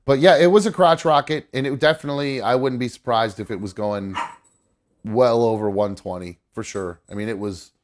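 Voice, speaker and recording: A man's voice: medium pitch, a little fast, slight background noise. A man hosting a live call-in stream, chatting casually with frequent swearing and restarts. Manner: rambling, swears freely, restarts sentences. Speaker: host of a live call-in show.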